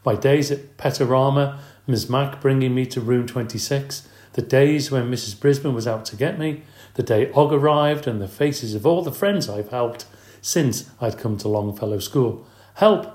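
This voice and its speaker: A man narrates a children's storybook in the first person, with a lively, expressive delivery. His voice sits at a middle pitch. The recording has a roomy reverb. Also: moderate pace. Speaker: audiobook narrator.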